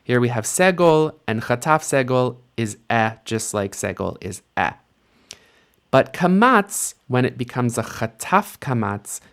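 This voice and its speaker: Guy teaching hebrew vowels real slow, says each word twice, mid-pitched voice, patient. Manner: patient, repeats each word slowly for the learner. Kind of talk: slow, careful language lesson.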